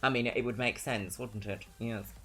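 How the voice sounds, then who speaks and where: A woman's voice: very deep voice, fairly even intonation, moderate pace, fairly bright tone, husky, faint music behind. A young woman from London with a London accent, chatting on a live stream in a bubbly, giggly way. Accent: London English. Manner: bubbly, chatty, laughs often. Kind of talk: casual live-stream chat.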